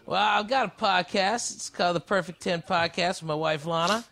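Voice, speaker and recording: A man's voice: sits high, normal speed, pushed and bright. A man guesting on a podcast, chatting in a loose, laid-back way. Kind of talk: casual chat.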